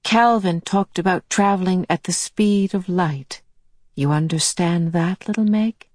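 A woman voicing a kindly, motherly otherworldly woman who gently reassures and explains. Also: on the low side, a little slow, no echo, studio quality. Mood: reassuring.

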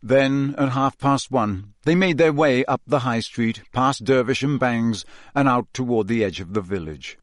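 A man's voice: mid-range voice, a little slow, few pauses, dry recording, studio quality. A man reading a novel aloud as an audiobook narrator, telling the story steadily and voicing the characters' quoted lines himself.

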